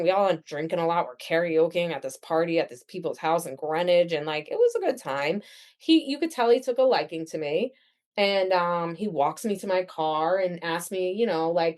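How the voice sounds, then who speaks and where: A woman in her thirties tells her own story as a podcast guest, with lots of fillers and a casual flow. Her voice sits on the low side for a woman, and her pitch swings widely as she talks. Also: brisk. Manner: chatty, animated, lots of fillers.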